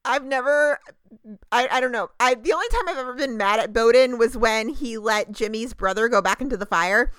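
A woman co-hosting a podcast, recapping a TV episode in casual chat, gushing and animated with lots of fillers. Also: on the high side, fairly quick, clean tone, no room sound. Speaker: podcast co-host.

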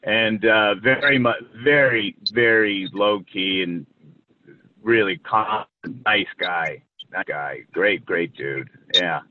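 A man from New York, a guest in a casual interview, recalling the past with halting restarts and fond asides. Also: fairly low pitch. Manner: rambling, halting, full of restarts and warm recollection. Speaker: guest recalling a childhood acting career. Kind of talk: casual interview over a call. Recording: tinny phone-like line.

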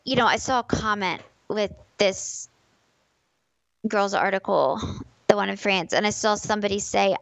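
A woman's voice: medium pitch, moderate pace, creaky, no room sound, rough recording. Emphatic woman on a dry mic. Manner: emphatic, repeats key phrases. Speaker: podcast guest, competitive fighting game player. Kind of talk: casual podcast conversation.

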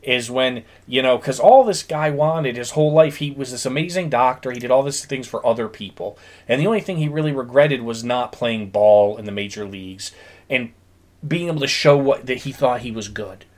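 A man's voice: medium pitch, moderate pace, darkish tone. Earnest man retelling a film scene. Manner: earnest storytelling, acts out quotes. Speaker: podcast co-host. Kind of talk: casual chat.

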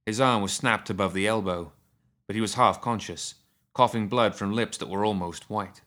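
A man narrating a story with a low voice. His reading is steady and measured. He paces each sentence evenly.

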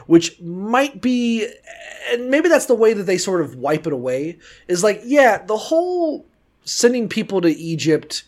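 A man co-hosting a podcast in casual chat, swearing freely and rambling with animated emphasis. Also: sits high, measured pace. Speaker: podcast co-host.

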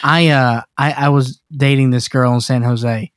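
A man's voice: mid-range voice, steady tone, measured pace, no room sound, studio quality. A man co-hosting a podcast, chatting casually about horror films in a rambling, joking way with many restarts. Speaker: podcast co-host.

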